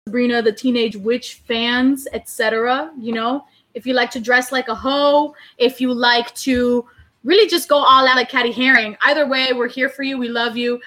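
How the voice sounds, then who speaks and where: A woman's voice: on the high side, bright, forceful tone. A young woman hosting a podcast in casual, playful banter, swearing and a little tipsy. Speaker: podcast host. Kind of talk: casual chat.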